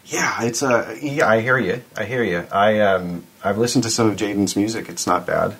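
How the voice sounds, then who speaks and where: A man with a very low, husky voice talks in a relaxed podcast conversation. He speaks hesitantly, restarting his sentences often, and slips in bits of dry humor. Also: normal speed. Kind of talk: casual chat.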